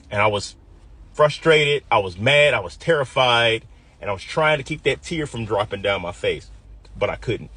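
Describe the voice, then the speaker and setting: A man's voice: mid-range voice, lively intonation, moderate pace, fairly bright tone, slightly rough. A man in his fifties from the US Midwest, telling a personal story vividly and acting out the quoted voices.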